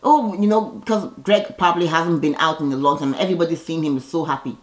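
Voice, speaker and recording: A woman with a slightly low voice talking through a reality show episode in a loose recap. She is blunt and sassy, throwing out sharp opinions on the cast in an animated way. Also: quick pace. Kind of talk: casual recap commentary.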